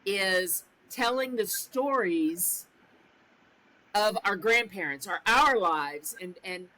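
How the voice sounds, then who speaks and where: A woman's voice: mid-range voice, expressive, slow pace, bright, forceful tone, no room sound, rough recording. A woman in her sixties hosting a podcast interview, talking in a reflective way and thinking aloud as she goes. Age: 60s. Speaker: podcast host. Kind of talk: conversational interview.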